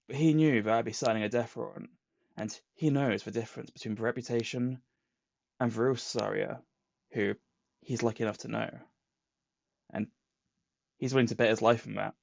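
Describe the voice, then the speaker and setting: A man's voice: medium pitch, steady tone, fairly quick, gravelly, pauses often, a little mellow, no room sound. Man, podcast co-host, comic recap, muffled lo-fi, dry close sound. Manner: retells plots with put-on quotes. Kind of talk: casual chat and comic recap. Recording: dull lo-fi sound.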